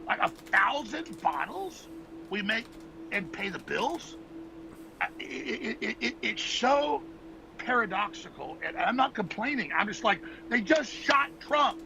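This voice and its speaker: A man's voice: high voice, big pitch swings, measured pace, vocal fry, noisy background. A man hosting a show, ranting intensely and pleading with his audience, repeating himself and swearing. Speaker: host. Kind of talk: impassioned ranting monologue.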